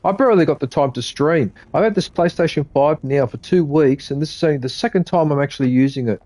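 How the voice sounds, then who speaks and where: A man's voice: on the high side, fast talker, warm tone, no room sound. A man with an Australian accent chatting casually to his live-stream viewers while he plays a game. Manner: rambling, chatty, talks to viewers between game remarks.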